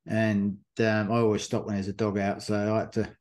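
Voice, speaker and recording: A man's voice: lowish voice, flat delivery, normal speed, a little mellow. A man hosting a running podcast, telling stories loosely with lots of fillers. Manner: rambling storyteller with many fillers. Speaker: podcast host. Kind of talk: casual chat.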